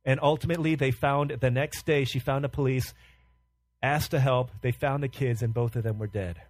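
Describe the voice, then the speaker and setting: A man preaching a sermon as pastor, impassioned and full of rhetorical questions, sometimes dropping low and quiet. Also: fairly even intonation, normal speed.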